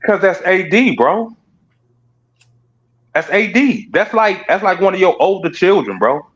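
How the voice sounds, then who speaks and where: A man's voice: high voice, sing-song, measured pace. A man in casual sports talk, arguing his view in heavy slang and ending lines with bro. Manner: slangy, keeps saying bro. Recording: dull, lo-fi line.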